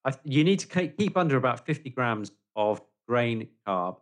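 A man's voice: medium pitch, expressive, moderate pace. A man who works as a vet, hosting a podcast over a video call and teasing his co-hosts in a jovial way. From England. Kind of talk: casual chat.

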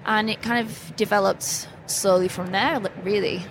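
A woman speaks as a podcast guest in a casual, candid way, poking fun at herself. Her voice sits at a middle pitch. A clear hiss of noise runs under the recording. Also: steady tone, moderate pace. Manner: candid, self-deprecating, laughs at herself. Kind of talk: casual interview chat. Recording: noisy background hiss.

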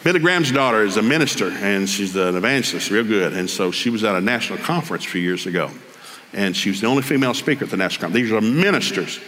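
An older man with a Southern US accent, preaching a sermon full of comic family stories and jumping into high voices for the people he quotes. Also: fast, slight background noise. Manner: animated storyteller, jumps to high excited voices for quoted people. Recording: long hall reverb, faint ambience.

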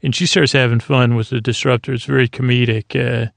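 Host for a sleep-story podcast: a man with a very gravelly, monotone voice, halting and meandering, dry close sound. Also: mid-range voice, no echo. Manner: halting, meandering, full of filler pauses. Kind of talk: rambling sleep-story episode retelling.

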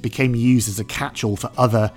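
A man hosting a history podcast, telling the story in a lively, conversational way. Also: medium pitch, a little fast, soft background music. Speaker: podcast host.

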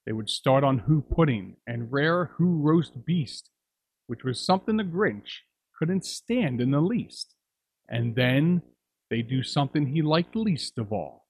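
Man, host, storybook reader, husky voice, slow and dramatic. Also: fairly high pitch, animated, no room sound, poor audio. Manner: dramatic, drawing out repeated words. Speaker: narrator and show host. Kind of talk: storybook reading of rhyming verse.

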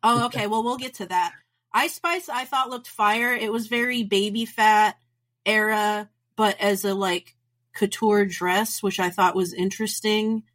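A woman's voice: medium pitch, steady tone, measured pace, a bit bright. Female podcast co-host, chatty and frank, ordinary mid-range voice. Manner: chatty, opinionated, blunt. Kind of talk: casual podcast chat.

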